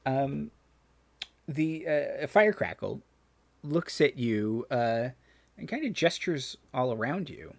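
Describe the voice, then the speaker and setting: A man runs a tabletop game as dungeon master, his voice of middling pitch. He talks in halting bursts, full of fillers and restarts as he describes the scene. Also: big pitch swings.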